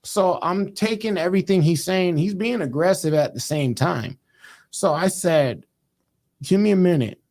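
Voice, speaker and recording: A man co-hosting a podcast, telling a story in an animated, emphatic, slangy way. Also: high-pitched, unhurried. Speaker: podcast co-host. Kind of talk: casual storytelling. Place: podcast studio.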